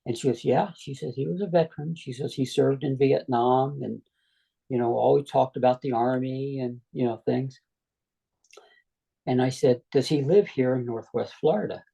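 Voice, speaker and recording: A middle-aged man tells a personal story in an easy, conversational way, quoting what others said as he goes. His voice is heavily gravelly and husky, with a dark, mellow tone. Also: mid-range voice, rough recording. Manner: retells dialogue at length, quoting others. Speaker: guest.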